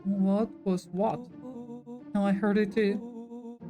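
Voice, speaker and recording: A woman voicing a group of excitable young kids on a nighttime adventure, jumpy and breathless. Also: mid-range voice, takes it slowly, over music, natural voice. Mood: frightened.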